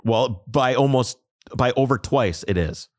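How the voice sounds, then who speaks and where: A man's voice: medium pitch, measured pace, dry recording, studio quality. A man co-hosting a podcast, talking in an emphatic, opinionated way. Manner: animated, emphatic, ranting. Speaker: podcast co-host. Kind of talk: casual opinionated chat.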